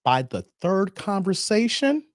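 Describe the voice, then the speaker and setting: A man hosts a dating commentary show and tells his own story in a frank, confiding monologue aimed straight at the men watching. He speaks slowly, his pitch moves up and down a lot, and the sound is dry and close. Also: sing-song, dry recording. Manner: frank, confiding, addresses viewers directly.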